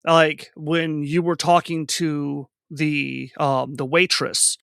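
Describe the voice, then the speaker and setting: Gravelly, bright-voiced male game master. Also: on the high side, slow, no room sound, studio quality. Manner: animated, acts out characters while explaining. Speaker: game master, podcast guest. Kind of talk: casual chat.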